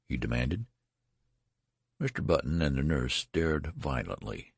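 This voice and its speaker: A man narrating a story in an expressive audiobook reading, voicing each character. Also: extremely low pitch, normal speed, vocal fry, breathy edge, no room sound, studio quality.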